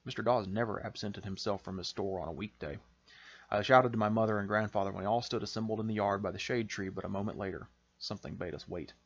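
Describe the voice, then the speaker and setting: A man reads from his own novel in a measured, expressive storytelling voice. His voice sits low. The recording is a little dull and lo-fi. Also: husky. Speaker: author reading his novel. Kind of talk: audiobook-style fiction reading.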